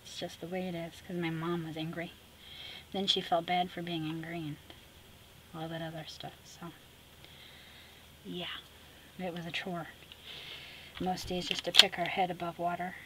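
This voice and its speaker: A woman vlogger who chats casually while she works on a sketchbook collage, talking to herself and often dropping to a soft murmur. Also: lowish voice, background noise. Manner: chatty, talks to herself while working, drops to a soft murmur. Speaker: craft vlogger. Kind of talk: casual talk while crafting.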